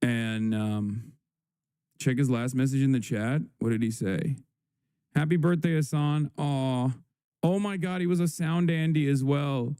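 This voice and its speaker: A man hosting a livestream, chatting casually and sarcastically, reading headlines slowly between many fillers. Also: mid-range voice, steady tone, dark tone, clean tone, dry recording. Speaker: livestream host.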